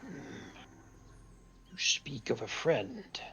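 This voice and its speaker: A man voicing an ancient, solemn wind guardian spirit with a gravelly voice, speaking slowly and breathily. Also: medium pitch, big pitch swings, fairly bright tone, full character voice.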